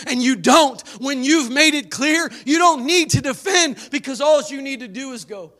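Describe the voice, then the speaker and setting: A pastor with an unusually high voice for a man, preaching a sermon. He exhorts his listeners emphatically and breaks into dramatic, fervent bursts. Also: moderate pace, few pauses, bright, forceful tone.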